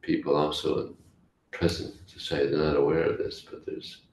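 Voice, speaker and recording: Deep gravelly man teaching a class. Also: little pitch movement, a little mellow. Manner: halting, with restarts and story voices. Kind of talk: storytelling scripture class. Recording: echoey room, faint hiss.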